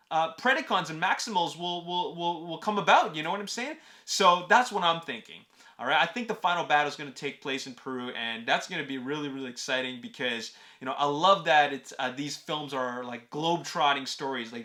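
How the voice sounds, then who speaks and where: Bright-voiced excited man talking movies. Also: a little high. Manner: eager, emphatic, addresses viewers directly. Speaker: movie news vlogger. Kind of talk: casual fan commentary to camera.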